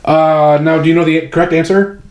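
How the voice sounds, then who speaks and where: A man's voice: on the high side, steady tone, a little fast, a little mellow, roomy sound. A man from Chicago co-hosting a podcast, talking bluntly and profanely in casual chat. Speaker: podcast co-host.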